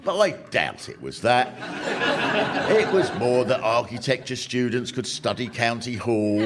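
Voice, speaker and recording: A man doing a wry, animated stand-up comedy routine to a live audience. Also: mid-range voice, a little slow. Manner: wry, animated, punchline-driven. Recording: noisy live recording with audience laughter.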